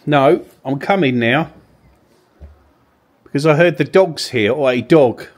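A man's voice: on the high side, measured pace. A man hosting a ghost-hunt vlog, coaxing and questioning spirits in the cellar rooms of an old mill. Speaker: paranormal investigator host.

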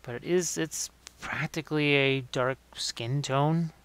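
Guy painting minis on a stream, smooth clear voice, chill, just thinking out loud. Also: a little high, slow. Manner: relaxed, thinking aloud while working, self-correcting. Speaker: miniature painting instructor. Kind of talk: live-streamed painting demonstration.

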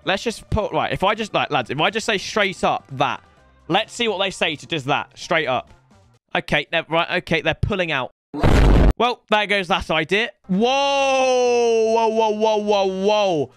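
A young man commentating on a video game, talking to his viewers in a chatty, slangy way and breaking into loud excited outbursts. His voice sits high and swings widely in pitch, with a bright, forceful edge. The sound is dry and close, with faint game music behind him. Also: moderate pace, no room sound. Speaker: gaming YouTuber. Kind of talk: live gameplay commentary.

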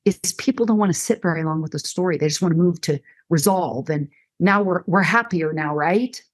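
A woman's voice: on the low side, brisk. A middle-aged woman counselor teaching conversationally as a podcast guest, acting out quoted dialogue in shifting voices.

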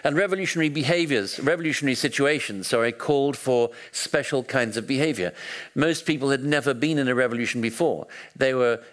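A man lecturing on history in a storytelling manner, with a mid-range voice that often doubles back and restarts mid-sentence. He speaks at a moderate, unhurried pitch, as if thinking aloud for an audience. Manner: animated storytelling with frequent restarts and hesitations. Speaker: historian giving a talk.

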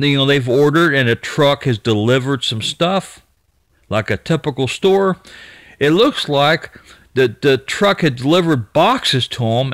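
A man's voice: on the high side, a bit bright, no room sound. A man casually retelling what another person found in an abandoned store, rambling with restarts and mild cursing. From United States. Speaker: YouTube storyteller.

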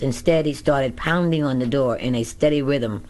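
A woman's voice: very deep voice, moderate pace, darkish tone. A woman narrating her own memoir as an audiobook in a candid, first-person storytelling manner. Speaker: author reading her memoir.

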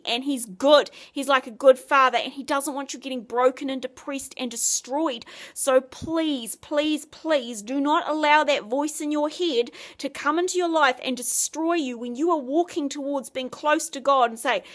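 A woman's voice: sits high, moderate pace, fairly bright tone. A woman giving an earnest, conversational Christian devotional talk. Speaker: Christian speaker.

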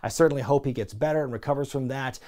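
A man's voice: mid-range voice, fast, a little mellow. A man casually recapping weekly wrestling shows, chatty and opinionated, with lots of fillers. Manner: chatty, frequent "like" and "you know" fillers; opinionated, asks viewers for predictions. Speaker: wrestling show reviewer.

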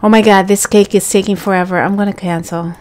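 A woman who hosts a gaming channel gives casual gameplay commentary in a fast, medium-pitched voice. She chats to the on-screen characters and bursts into excited exclamations.

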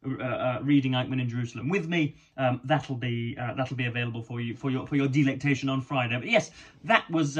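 A man's voice: mid-range voice, dull audio. A young man reviewing a book to camera, stammering and repeating words often, with wry and ornate wording. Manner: hesitant, stammering with many repeated words and ums.

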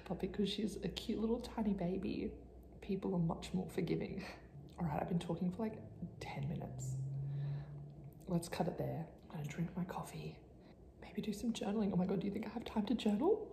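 Young mum vlogger, chatty and rambling, husky low voice with heavy fry, echoey room. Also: female voice, mellow, slight background noise. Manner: chatty, rambling, often whispers. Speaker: vlogger, first-time mum. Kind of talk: casual chat to camera. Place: home, indoors. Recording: echoey room, faint ambience.

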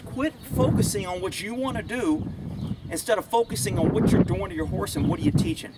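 A man demonstrating horse handling outdoors as a trainer, blunt and folksy, talking gently to his horse between steps. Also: high-pitched. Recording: distant camera audio, loud outdoor noise.

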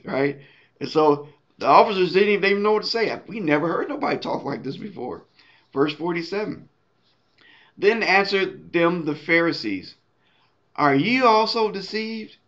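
A man's voice: a little high, a bit bright. Conversational preacher man, lo-fi sound. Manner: conversational, tags points with "right?". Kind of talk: sermon.

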